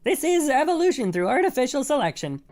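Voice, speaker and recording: A synthetic voice playing a creepy cartoon bear that reads textbook passages in a steady, even delivery. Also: sits high, quick pace, faint music behind. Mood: flat.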